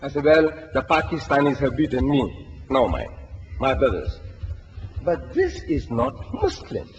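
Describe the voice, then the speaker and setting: A man's voice: mid-range voice, measured pace, vocal fry, a little hiss or hum. Older male preacher in an echoing hall. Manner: storytelling, animated, quotes Arabic verses. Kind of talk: lecture to an audience. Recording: dull lo-fi recording, long hall reverb.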